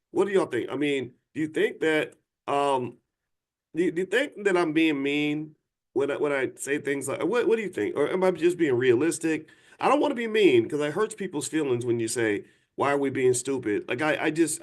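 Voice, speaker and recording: Emphatic preachy middle-aged man. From United States. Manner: preachy, emphatic, with sudden high mocking voices. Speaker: host. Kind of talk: live-stream talk to viewers.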